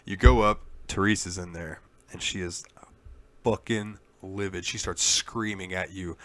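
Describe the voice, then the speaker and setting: Brief: male podcast co-host, somewhat low voice, loose rambling storyteller who cusses. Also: steady tone, unhurried, fairly bright tone, dry recording. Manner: rambling storyteller, swears freely. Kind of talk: casual chat.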